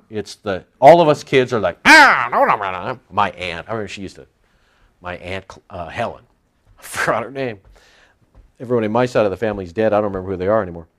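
Animated man preaching a Bible study. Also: fairly low pitch, fairly quick. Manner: animated, jokey, acts out quoted voices. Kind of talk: sermon Bible teaching.

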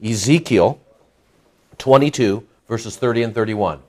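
A man preaching a sermon, lively and emphatic, asking the listeners rhetorical questions. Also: fairly low pitch, measured pace. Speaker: pastor.

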